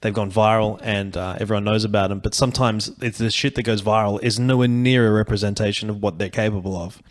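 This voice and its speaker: A comedian chatting loosely on a podcast, rambling, swearing and laughing often. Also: male voice, lowish voice, steady tone, fast talker. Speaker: comedian guest. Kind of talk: casual podcast chat.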